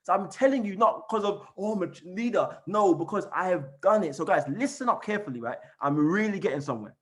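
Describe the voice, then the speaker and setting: Pumped up guy with a highish voice running a business training call, keeps repeating stuff like a chant. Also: expressive, fast talker, fairly bright tone. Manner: fired-up, repetitive, chanting phrases. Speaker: network marketing trainer. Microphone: call recording.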